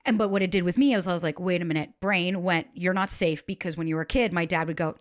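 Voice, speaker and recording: A woman hosting a podcast, telling candid stories in an animated, casual way with some swearing. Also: lowish voice, quick pace. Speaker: podcast host. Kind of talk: casual conversation.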